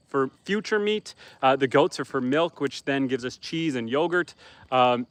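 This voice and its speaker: Sitting by a bonfire at his off-grid homestead, a man from Northern Canada chats casually on a livestream and reads viewer comments. His Canadian-accented voice is a little high and a bit bright with no echo, and he rambles easily with plenty of ums and restarts.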